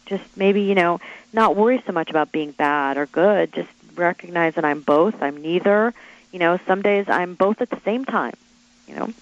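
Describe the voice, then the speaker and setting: A woman author being interviewed, telling stories in an animated, chatty way with quick asides and acted-out quotes. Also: fairly low pitch, muffled recording. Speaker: author guest. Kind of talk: interview storytelling.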